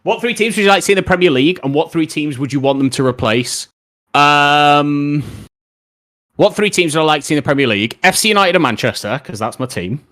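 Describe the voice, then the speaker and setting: Chatty streamer talking football. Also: male voice, on the high side, animated, fairly quick, fairly bright tone. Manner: rambling, opinionated football talk, reading out chat questions. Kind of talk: casual live-stream chat.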